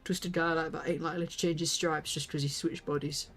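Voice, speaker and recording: A woman voicing a gruff, streetwise man while she reads fantasy game dialogue aloud. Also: sits low, little pitch movement, fairly quick, a bit bright, soft background music, pitched below the performer's own voice.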